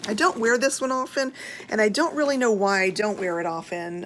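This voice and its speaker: A woman with an American accent talks in an easy, gushing way, full of fillers and enthusiasm. Her voice sits in a middle pitch. A faint background hiss runs under the recording. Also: brisk, fairly bright tone. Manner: chatty and gushing, with frequent fillers. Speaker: handbag vlogger. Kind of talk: casual show-and-tell chat.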